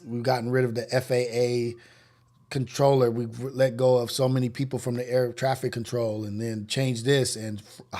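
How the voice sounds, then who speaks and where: A man's voice: mid-range voice, darkish tone. A man hosting a morning podcast livestream, talking through the news in casual, slangy commentary and musing aloud. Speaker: podcast host.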